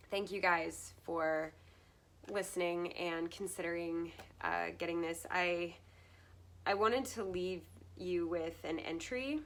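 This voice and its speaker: A woman's voice: fairly low pitch, a bit bright. Earnest woman reviewing a book. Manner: earnest and heartfelt, laughs often between thoughts. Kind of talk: casual vlog book review.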